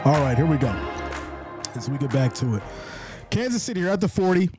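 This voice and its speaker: A man's voice: a little high, very animated, a little fast, music in the background. Hyped man calling plays on a live stream. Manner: hyped, shouting and cheering on big plays; reads viewer chat aloud. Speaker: live stream game reaction host. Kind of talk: live play-by-play reaction stream.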